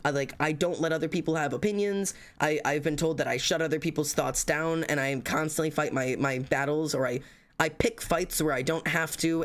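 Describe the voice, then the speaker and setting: Swearing, rambling male streamer. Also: fairly high pitch. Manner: rambling, heavy swearing, frequent restarts; self-critical, venting to chat. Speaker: livestreamer reading chat. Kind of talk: casual livestream rant.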